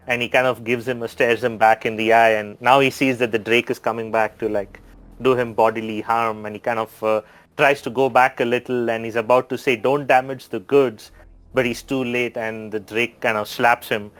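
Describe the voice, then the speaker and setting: A man's voice: medium pitch, flat delivery, normal speed, fairly bright tone, smooth. A man who is a player in a tabletop game, loosely describing his character's actions with many fillers.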